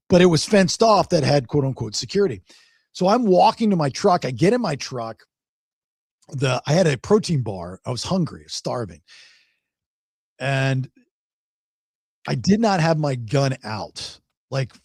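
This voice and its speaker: A male podcast host with a slightly high voice tells a long story in casual chat, rambling and repeating words, and growing animated when he quotes others. The recording is dry, with clean studio sound.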